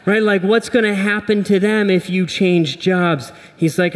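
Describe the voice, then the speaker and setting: A man's voice: sits high, flat delivery, measured pace, in a large hall. A man preaching a sermon as pastor, conversational and humorous, often checking in with "right?".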